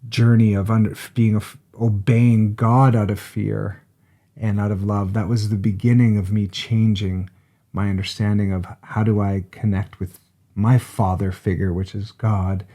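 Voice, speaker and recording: Low-voiced man telling a story. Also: measured pace. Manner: animated storyteller, acts out quoted voices, frequent restarts. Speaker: podcast co-host. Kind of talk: casual conversational storytelling.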